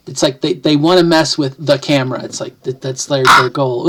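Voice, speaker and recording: A woman's voice: extremely low pitch, a little fast, a bit bright, a little hiss or hum. A middle-aged trans woman talking to camera at home, thoughtful and rambling, with many restarts and wry jokes. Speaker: vlogger. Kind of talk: casual to-camera talk. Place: home, at a computer desk.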